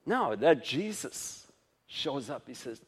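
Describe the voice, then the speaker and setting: A man preaching as a pastor speaks slowly in a mid-range voice with a slightly rough texture. His sermon is loose and conversational, full of emphatic upswings, hushed asides and regular chuckles.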